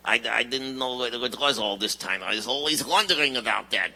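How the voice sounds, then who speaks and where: Wisecracking male puppet, gravelly and brash, voiced by a man; live ventriloquist bit. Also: medium pitch, expressive, bright, forceful tone, voice pushed down, full character voice, rough recording. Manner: argumentative, literal-minded, quick comebacks. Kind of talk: ventriloquist comedy act.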